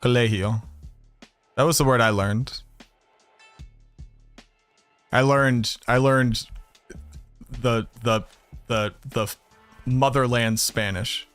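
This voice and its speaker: A man's voice: medium pitch, fairly even intonation, slow, long pauses, fairly bright tone, clear, resonant tone, dry recording, soft background music. A man from the Boston area with a Boston accent, chatting casually and brashly with viewers on a game livestream, swearing and joking. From Boston area, USA. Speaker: game streamer.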